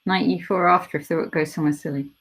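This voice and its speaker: A woman's voice: lowish voice, steady tone, fast talker, a bit bright, slightly rough. A woman co-commentating on live chess with brief interjections and dry remarks.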